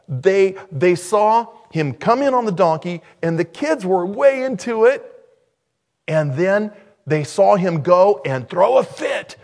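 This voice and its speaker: A man preaching a sermon in an animated way, swinging from loud and excited to quiet and reflective. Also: fairly high pitch, slow.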